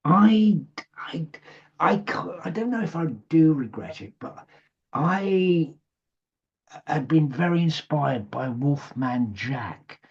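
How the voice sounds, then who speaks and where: Slow, husky-voiced man, sweary storyteller. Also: on the high side, expressive, a little mellow. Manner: swears freely, rambling anecdotes. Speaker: radio DJ and interview guest. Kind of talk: casual storytelling interview. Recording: muffled lo-fi sound.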